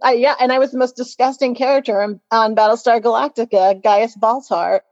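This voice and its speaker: A woman co-host chatting candidly and swearing freely as she tells a story. Her voice sits a little high, and the sound is dry and slightly dull. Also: steady tone, a little fast, a little mellow, no echo. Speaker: podcast co-host. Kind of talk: casual chat.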